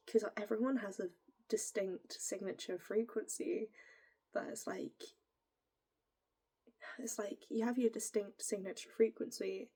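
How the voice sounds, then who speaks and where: A young woman with a northern English accent, musing in a rambling, giggly way and slipping into soft, whispery asides. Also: medium pitch, breathy edge. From northern England. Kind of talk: casual musing monologue.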